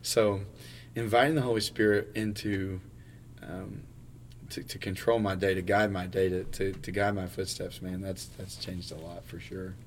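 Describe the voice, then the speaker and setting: A man with a fairly low voice talks as a pastor in an easygoing chat. He is earnest and thinks aloud, stumbling over and repeating words. A faint hum of noise sits under him. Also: little pitch movement, moderate pace. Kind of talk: casual podcast conversation.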